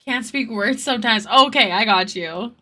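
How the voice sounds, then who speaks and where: A woman's voice: fairly high pitch, moderate pace, sharp tone. A woman chatting casually on her art live stream, thanking viewers and answering chat, with an occasional stutter. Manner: stutters at times.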